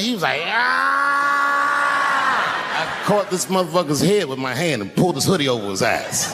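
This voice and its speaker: Animated stand-up comic man in a hall. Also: medium pitch, background noise. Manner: animated storytelling, voices and shouts. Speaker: stand-up comedian. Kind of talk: stand-up comedy set.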